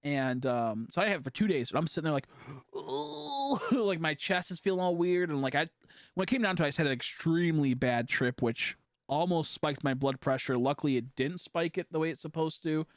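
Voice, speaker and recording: A man streaming a game, telling a long story in a rambling, profane way full of fillers, swinging between hushed and loud. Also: fairly high pitch, a little fast, dry recording, clean studio sound. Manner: animated, jumping from hushed to loud. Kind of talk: casual storytelling while gaming.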